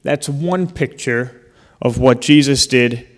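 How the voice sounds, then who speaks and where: A man's voice: medium pitch, takes it slowly. A man giving a public talk in a large hall, telling a personal story in an earnest way with touches of dry humor. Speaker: speaker. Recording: long hall reverb.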